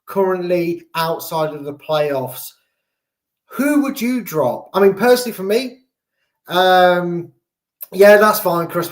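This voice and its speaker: A man with an English accent hosting a fan channel, chatting about football in a jokey, rambling way. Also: fairly high pitch. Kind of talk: casual football preview chat.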